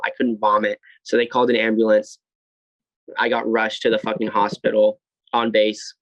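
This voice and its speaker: A young man speaks in a low, flat voice as he recounts his past with blunt honesty, cursing often and stopping to restart. The sound is dry and a little dull, like a close, lo-fi podcast mic. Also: normal speed, dry recording. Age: 20s. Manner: blunt, swears freely, many fillers and restarts. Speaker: podcast guest. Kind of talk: candid personal storytelling.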